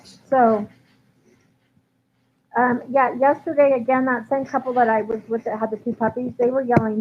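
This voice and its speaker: A woman's voice: a little high, level tone, normal speed, pauses often. Chatty woman dog trainer on a tinny line. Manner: chatty, frequent ums and likes. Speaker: dog trainer answering viewer questions. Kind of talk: casual live Q&A. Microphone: livestream computer mic. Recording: tinny phone-like line with faint hiss.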